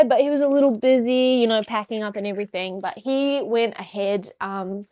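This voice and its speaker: A woman's voice: fairly high pitch, moderate pace, warm tone, highs cut off. A young woman streaming casually and chatting in a rambling, joking way while she packs. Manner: rambling, joking, self-deprecating. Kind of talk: casual live-stream chat.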